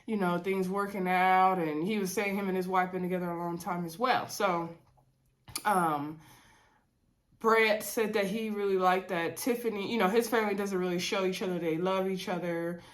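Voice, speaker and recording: A woman's voice: lowish voice, normal speed. Woman with a stuffy head, casual vlog recap, laid-back, chatty, says "y'all" a lot. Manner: relaxed Southern-leaning casual talk with fillers and "y'all". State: congested from a cold. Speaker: reality TV recap vlogger.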